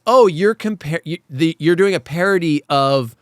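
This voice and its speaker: Ranting, excitable man hosting a podcast. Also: fairly high pitch, normal speed, dry recording, studio quality. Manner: animated, ranting, profane. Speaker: podcast host. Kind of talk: casual chat.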